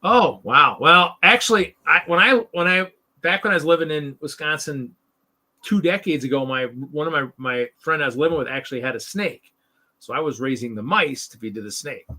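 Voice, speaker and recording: A man's voice: a little high, moderate pace, bright, forceful tone. A man hosting a live hobby stream in casual chat, ranting in an exasperated, sarcastic way and often repeating himself.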